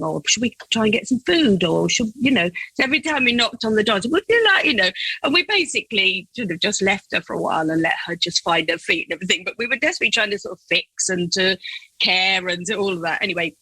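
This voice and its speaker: A woman's voice: medium pitch, husky, no room sound, low-quality recording. A middle-aged woman, a foster carer, telling a story in a casual interview with lots of laughter and acted-out voices. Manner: animated, laughing, acts out her own and others' voices.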